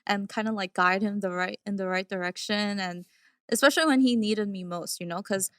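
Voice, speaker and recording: A woman's voice: medium pitch, brisk, fairly bright tone, no room sound, studio quality. A young woman co-hosting a podcast, chatting casually and getting emotional as she talks. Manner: emotional, talks through tears. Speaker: podcast co-host. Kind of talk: casual chat.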